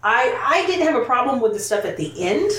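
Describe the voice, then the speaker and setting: A woman's voice: a little high, sing-song, brisk, fairly bright tone, echoey room, distant mic, a little hiss or hum. A woman thinking aloud in a casual film chat, with many hesitations and restarts.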